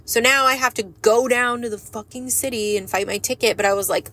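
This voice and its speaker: A woman's voice: a little high, fairly even intonation, brisk, hardly any pauses, a bit bright. Woman vlogger, candid monologue; frank, earnest, rambling, casual swearing. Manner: emotional and earnest. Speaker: lash business owner and vlogger.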